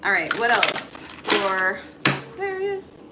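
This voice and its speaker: A chatty woman talks through an intuitive card reading at an everyday pitch, thinking aloud as she goes. She swears freely and calls her listener honey. A steady hiss of background noise sits clearly under her voice. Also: slow pace. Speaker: intuitive tarot reader. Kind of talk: casual spoken card reading.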